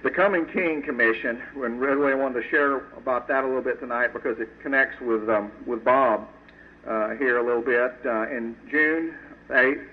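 A man's voice: mid-range voice, moderate pace. A man, a sculptor, telling an audience his faith testimony in an earnest, folksy storytelling way. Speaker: Christian sculptor giving a testimony. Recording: tinny phone-like radio audio.

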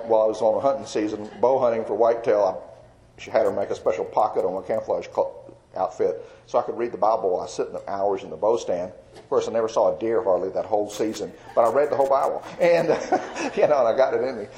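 A man giving an earnest, rambling personal testimony as a Christian artist, with fillers and soft laughs. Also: on the low side, a little fast, poor audio.

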